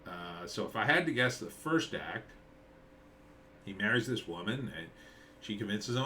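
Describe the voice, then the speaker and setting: Middle-aged male screenwriter, low-ish pitch with bright, forceful tone, casual thinking-aloud trailer commentary. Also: lively intonation, normal speed, slight background noise. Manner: rambling, thinking aloud with many fillers and restarts. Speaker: screenwriter reviewing movie trailers. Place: at home with a dog nearby.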